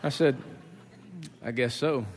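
A middle-aged man preaching a sermon, telling a story in lively fashion, acting out the voices and laughing along. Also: mid-range voice, takes it slowly, in a large hall, slight background noise. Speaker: pastor.

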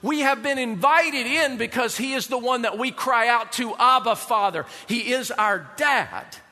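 High, bright-voiced preacher in a reverberant hall. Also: male voice, a little slow. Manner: animated, rhetorical questions to the congregation. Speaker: pastor. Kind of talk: sermon.

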